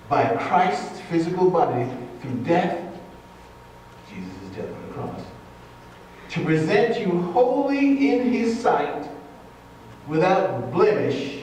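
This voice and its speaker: A man preaching a sermon as pastor, speaking deliberately and emphatically and repeating key words for weight. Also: a little high, a little mellow, a little hiss or hum. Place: church sanctuary. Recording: echoey church hall, voice from a distance.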